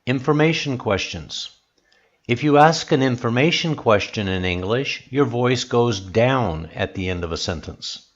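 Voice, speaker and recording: A man narrating a scripted English pronunciation lesson, speaking in a measured way and exaggerating the intonation of example sentences. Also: medium pitch, animated, lo-fi sound. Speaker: English teacher.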